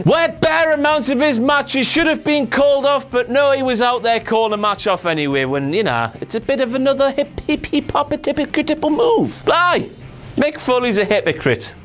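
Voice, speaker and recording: A man's voice: sits high, fairly bright tone, clear, resonant tone. A man who hosts a comedic wrestling review, ranting with heavy swearing and sarcasm.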